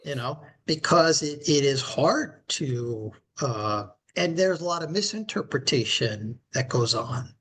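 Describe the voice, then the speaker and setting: Slow, reflective male podcast host. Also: medium pitch, lively intonation, a bit bright, a little hiss or hum. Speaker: podcast co-host and leadership coach. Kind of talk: casual podcast conversation.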